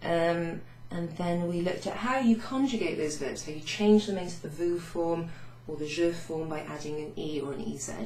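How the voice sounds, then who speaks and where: A woman French teacher recapping a beginners' lesson, chatty, saying French phrases slowly with teacherly emphasis. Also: on the low side, a little mellow. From Wales. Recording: echoey room with faint noise.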